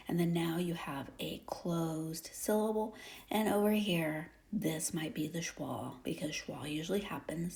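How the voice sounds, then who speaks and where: A woman's voice: lowish voice, creaky, darkish tone. A woman teaching a phonics lesson, explaining step by step in a patient manner that often drops to a half-whisper. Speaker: reading teacher.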